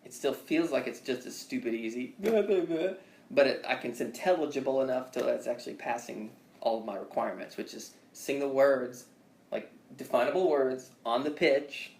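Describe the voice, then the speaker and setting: A man's voice: medium pitch, normal speed, darkish tone. A man teaching singing in a casual one-on-one lesson, with loose, profane, rambling explanations. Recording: echoey room.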